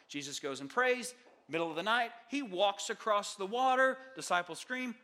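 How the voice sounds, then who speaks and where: A male pastor preaching a sermon, retelling a Bible story with animated asides and acted-out voices. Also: high-pitched, normal speed. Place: church sanctuary.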